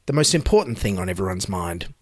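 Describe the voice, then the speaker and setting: A man's voice: low voice, very animated, fast, no room sound, clean studio sound. A man delivering a scripted satirical monologue in a sarcastic, mock-incredulous way. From Australia. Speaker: satirical commentator.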